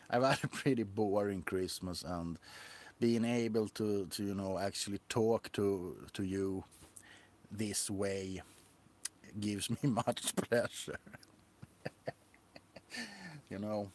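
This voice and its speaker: A man's voice: lowish voice, slow pace, pauses often. A man hosting a casual livestream, rambling and laughing often as he shows off his figurines. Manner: giggly, rambling. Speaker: livestream host.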